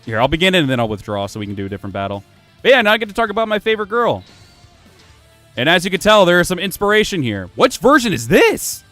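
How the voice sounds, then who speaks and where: Male gaming streamer, animated and rambling, self-deprecating and profane, faint music behind. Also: high voice, quick pace. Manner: rambling, self-mocking, swears freely. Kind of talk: casual gameplay commentary. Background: faint music playing from his computer.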